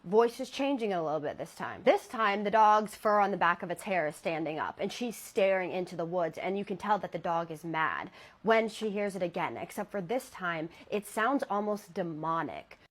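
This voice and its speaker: A woman's voice: lowish voice, lively intonation, moderate pace. Chatty woman telling scary stories. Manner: chatty, conversational, uses "like" and "she's like". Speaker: horror story narrator. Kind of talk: casual storytelling to viewers.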